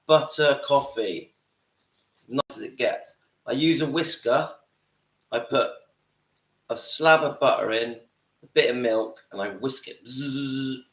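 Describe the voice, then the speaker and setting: A man with a croaky voice from a cold, hosting a casual livestream from home and greeting viewers by name. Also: medium pitch, a bit bright. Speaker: livestream host. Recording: echoey room with faint ambience.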